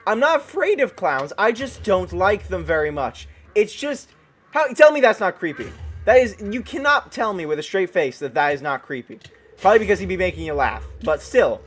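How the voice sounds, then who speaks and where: Excitable man with bright, high voice. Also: normal speed, slightly rough. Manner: excitable, dramatic, yelps and exclaims often; jokey mock outrage. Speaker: gaming video host. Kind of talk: gameplay commentary.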